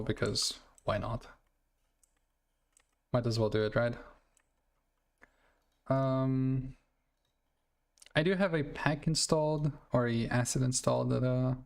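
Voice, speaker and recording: Brief: male streamer, gravelly mid-pitched voice, loose rambling game commentary. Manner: rambling, self-correcting, laughs at himself. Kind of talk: casual gameplay commentary.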